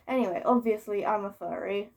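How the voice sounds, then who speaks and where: A woman's voice: medium pitch, fairly quick, gravelly, a little mellow. A woman vlogger ranting casually to camera, swearing freely, giggling and mocking herself, repeating words for emphasis.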